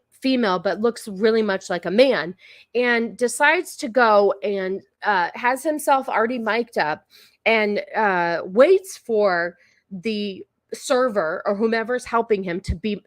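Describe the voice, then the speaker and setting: A woman's voice: medium pitch, dry recording, clean studio sound. Chatty rambling woman streamer. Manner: chatty, rambling, many fillers and restarts. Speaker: streamer host. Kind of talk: casual live-stream commentary.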